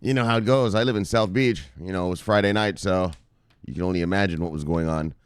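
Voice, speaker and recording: Male host for casual market commentary: low-pitched, dry close mic, loose and profane. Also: quick pace, clean tone, no echo. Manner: profane, excitable, laughs often. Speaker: crypto news show host.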